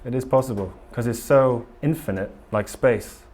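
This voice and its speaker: A man's voice: mid-range voice, moderate pace, a little mellow. Earnest rambling man giving a talk. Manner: rambling and earnest, with frequent ums and restarts. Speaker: conference speaker. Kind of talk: casual conference talk to a live audience. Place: conference room.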